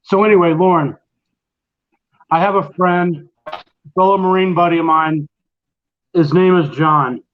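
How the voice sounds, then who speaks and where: A man's voice: sits high, steady tone, unhurried, pauses often, narrow, tinny audio. A middle-aged man hosting a casual late-night chat and telling a long, rambling story. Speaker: host.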